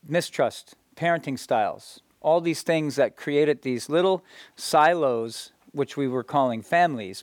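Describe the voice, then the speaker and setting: A man tells stories to an audience in a loose, conversational way, often restarting mid-sentence and leaning on filler phrases. His voice sits at an ordinary middle pitch. The sound is dry and close, with no room echo. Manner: halting, many restarts and "you know". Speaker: speaker telling stories to an audience. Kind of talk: casual storytelling talk.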